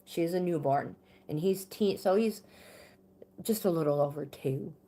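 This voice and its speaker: A middle-aged woman recounting a story on a livestream, her pitch sitting a little low. She speaks slowly and unhurriedly, pausing often, restarting sentences and filling gaps with "um.". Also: dark tone. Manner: halting, many restarts and fillers. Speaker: livestream host. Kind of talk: casual storytelling.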